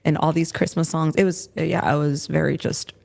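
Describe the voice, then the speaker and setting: Woman in her thirties, low-pitched co-host, emotional and rambling in casual talk. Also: fairly even intonation, moderate pace, creaky, a little mellow. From Rio Grande Valley, Texas. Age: 30s.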